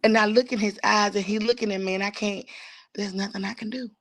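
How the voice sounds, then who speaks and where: A woman's voice: mid-range voice, steady tone, quick pace. A woman telling a heartfelt personal story as a guest, at times dropping to a whisper and at times pleading, with speech. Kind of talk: emotional personal testimony.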